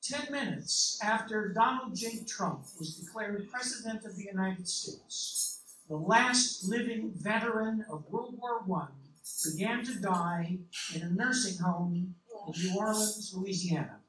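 A man reading a literary novel in the first person, with a measured, reflective delivery. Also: high voice, fairly bright tone. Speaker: audiobook narrator. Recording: roomy, distant mic, faint hiss.

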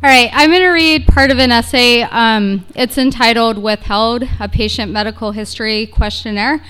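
Woman, slightly high, smooth clear voice, casual essay reading. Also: normal speed, a bit bright. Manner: casual, hesitant introduction with fillers. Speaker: essay reader. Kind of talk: reading a personal essay aloud.

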